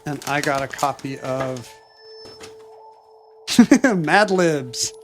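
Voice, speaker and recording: A man's voice: on the high side, lively intonation, drawn-out words, soft background music. Chatty man reading listener mail. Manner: chatty, reads listener mail with dry asides. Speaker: podcast co-host. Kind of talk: casual chat.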